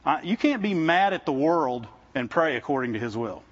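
In a loose, conversational sermon, a visiting preacher often stumbles and repeats words before going on, and keeps turning to the congregation with "Amen?" during the church service. His voice is high for a man, with lively intonation at a normal speed. The audio is muffled and lo-fi.

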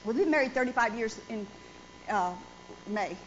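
A woman's voice: on the high side, animated, normal speed. A woman in her forties preaching a sermon in a church, speaking emphatically and putting questions to the congregation. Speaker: pastor. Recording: dull lo-fi sound with faint noise.

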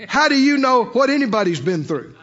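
A man preaching with a very high voice that swings widely up and down. He delivers the sermon with emphasis, climbing at times to hollering. The recording is dull and lo-fi. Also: very animated, brisk, a bit bright.

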